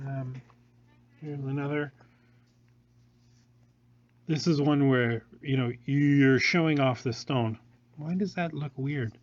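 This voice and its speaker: Male showroom host, rambling and hesitant, mid-pitched, dull lo-fi phone sound. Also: takes it slowly, long pauses. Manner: rambling, with many fillers and restarts. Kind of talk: live product showcase.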